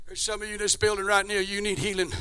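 A man preaching a sermon in a church, swinging between shouted fervor and hushed near-whispers. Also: high-pitched, flat delivery, fast talker, smooth, dry recording.

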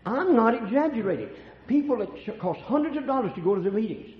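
An older man preaching a sermon, telling folksy stories and swinging between hushed and loud lines. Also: very high voice, lively intonation, fast. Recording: echoey room, dull lo-fi sound.

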